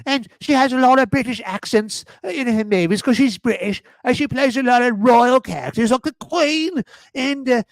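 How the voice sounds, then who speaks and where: A man voicing a prim, plummy British actress in a high, exaggerated mocking impression. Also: moderate pace, no room sound.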